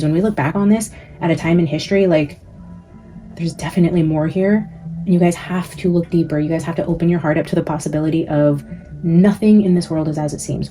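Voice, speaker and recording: A woman's voice: deep voice, dark tone. A woman hosting her psychic channel, venting to her viewers in casual, profane commentary, full of "like" and "guys". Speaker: psychic vlogger, channel host.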